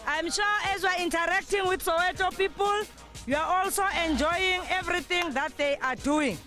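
A South African woman official giving a public speech at an outdoor sports event, loud and shouting over the crowd. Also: extremely high pitch, moderate pace, soft background music.

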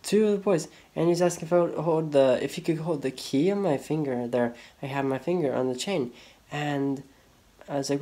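A man's voice: a little high, brisk, dark tone, rough recording. Rambling, complaining man vlogging on his phone. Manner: rambling, complaining, frequent fillers. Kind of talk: casual vlog monologue. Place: rented house and nearby streets. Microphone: phone held by the speaker.

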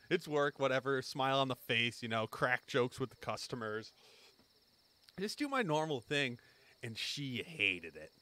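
A man's voice: medium pitch, bright, forceful tone. A man in his twenties chatting casually over gameplay, rambling through jokey anecdotes. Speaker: gaming YouTuber. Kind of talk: casual gameplay commentary and storytelling.

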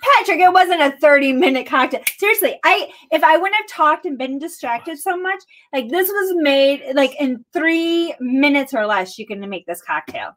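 A bubbly woman chats casually as she mixes a drink on a live stream. Her voice sits high and light. She giggles often and keeps the talk easy. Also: lively intonation, normal speed, few pauses, a bit bright. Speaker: co-host making cocktails.

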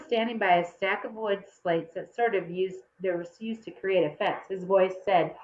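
A woman's voice: normal speed, hardly any pauses, dull audio. A woman reading a children's story aloud, changing her voice to act out the young characters. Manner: expressive, shifts pitch to act out children's voices. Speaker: audiobook reader. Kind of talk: storybook narration.

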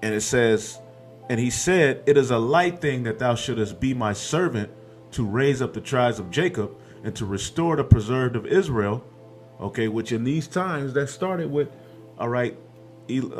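A man's voice: mid-range voice, lively intonation, moderate pace. A man preaching a scripture-reading sermon, quoting verses aloud and tagging his points with "man" and "okay", with a faint hint of music behind.

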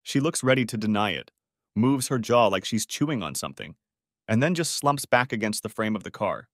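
A man giving an expressive scripted narration of a story. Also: lowish voice, brisk, no echo, clean studio sound. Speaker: audiobook narrator.

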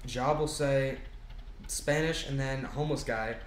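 A man's voice: medium pitch, steady tone, unhurried. A man hosting a casual gaming voice chat, exasperated as he directs the others through a scene. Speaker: channel host directing a game video.

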